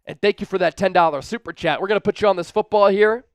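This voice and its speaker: Energetic high-voiced male sports streamer. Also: quick pace, clear, resonant tone, dry recording. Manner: energetic, hype-driven, reads super chats aloud. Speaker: sports livestream host. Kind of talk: live fan-show commentary and chat shout-outs.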